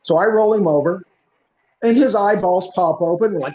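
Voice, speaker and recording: A male podcast host and former police officer telling a story in an animated, punchy way, acting out the dialogue. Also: sits high, normal speed. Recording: muffled lo-fi recording.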